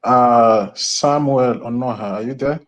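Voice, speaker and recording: A man moderating an online meeting, thanking speakers and calling on the next one, with many pauses and fillers. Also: medium pitch.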